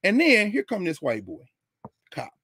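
An older man from Tennessee telling a personal story in a lesson, animated and acting out the people he quotes. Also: high voice, normal speed, breathy edge. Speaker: lecturer.

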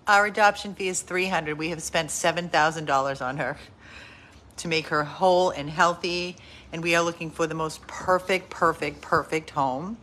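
A woman from a dog rescue talking casually at home about a dog up for adoption, chatty and fond, slipping into high baby talk. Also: normal speed, a bit bright.

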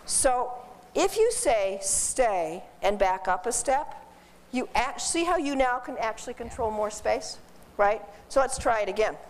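High-pitched woman teaching dog training to a class, joky and lively, sounds far off in a big echoey hall. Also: moderate pace. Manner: animated, jokey, asks the class questions. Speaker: dog behavior instructor. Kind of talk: live teaching demonstration. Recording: roomy hall from a distance.

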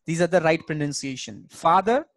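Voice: mid-range voice, lively intonation, normal speed, very noisy. A German language teacher gives an online class over a video call. The teacher drills each word's pronunciation patiently and repeats it.

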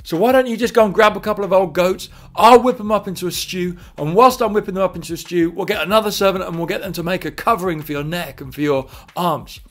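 A man voicing a scheming mother who pushes a plan in an urgent, loud, quick manner. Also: high voice. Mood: conspiring.

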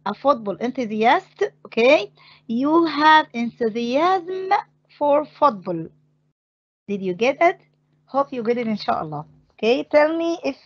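High, husky woman teaching English. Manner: patient, explains with many fillers and repeats. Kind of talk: online class explanation. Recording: dull lo-fi stream audio.

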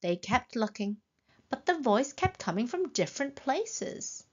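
A woman reading a children's story aloud in a slow, gentle, expressive way. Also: a little high, breathy edge, highs cut off.

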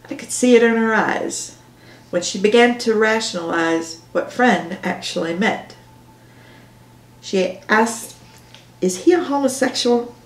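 A woman author narrating her own novel in a measured first-person storytelling manner. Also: mid-range voice. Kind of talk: audiobook narration on camera. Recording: roomy echo.

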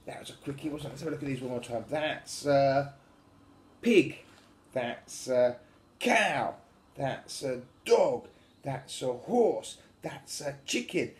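A man's voice: mid-range voice, unhurried, dark tone, echoey room. A father reading a picture book aloud to his young children in a sing-song way, making the animal noises himself.

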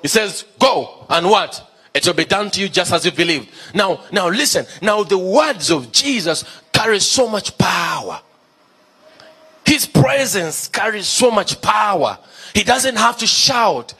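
A man's voice: high voice, animated, a little slow, bright, forceful tone, slightly rough. A male pastor preaching a sermon, emphatic, repeating key phrases and asking the congregation questions.

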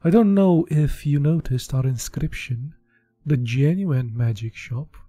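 A man voicing a tall, smooth-talking magic shopkeeper in a lower, soft, courteous tone. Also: measured pace, no echo, faint music behind.

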